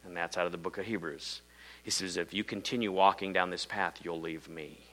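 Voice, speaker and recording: This middle-aged preacher from Iowa delivers his story in a dramatic sermon style, alternating loud pushes with hushed, low passages. His voice is lowish, strikingly bright and forceful, with a steady tone and brisk delivery. The audio is poor, with a faint hum behind him.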